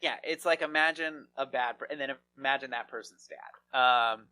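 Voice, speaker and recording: A man being interviewed on a podcast, telling comic stories in an animated, rambling way and laughing often. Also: mid-range voice, moderate pace. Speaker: podcast guest, comedy writer. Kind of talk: casual conversation, comic storytelling.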